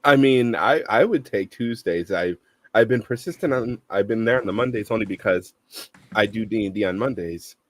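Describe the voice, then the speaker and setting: A man's voice: fairly low pitch, moderate pace. A man calling in to a show from the greater Boston area, chatting in an easygoing way. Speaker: caller. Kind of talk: casual call-in chat.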